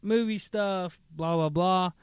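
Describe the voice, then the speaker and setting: Podcast host, male, casual rambling storyteller who slips into character voices; voice sits a little high and sounds smooth and clear. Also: dry recording. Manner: rambling, acts out characters in quick bursts. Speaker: podcast host pitching movie ideas.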